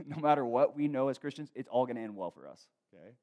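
Man preaching with loud swells. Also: mid-range voice, lively intonation, fast, muffled recording. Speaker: pastor. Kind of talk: sermon.

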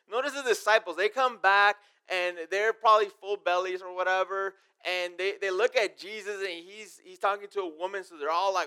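A man's voice: sits high, normal speed, sharp tone, smooth. A man preaching a casual sermon, reading scripture verses aloud and then explaining them in everyday, conversational terms. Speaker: pastor.

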